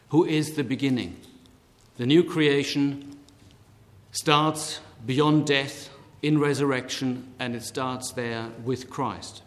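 Slow-preaching man in a reverberant hall. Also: medium pitch. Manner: slow, deliberate preaching with emphatic rises on key words. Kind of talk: sermon.

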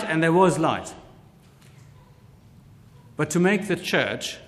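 Man preaching real slow, stresses big words, long hall echo. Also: mid-range voice, very animated, fairly bright tone. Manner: slow, deliberate preaching with emphatic rises on key words. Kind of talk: sermon.

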